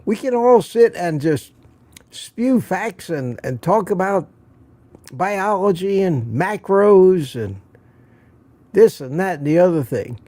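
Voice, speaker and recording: A man's voice: sits high, expressive, slow, mellow. An older man hosting a casual morning livestream, musing and rambling, a bit out of breath, with sighs and restarts. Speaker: livestream host.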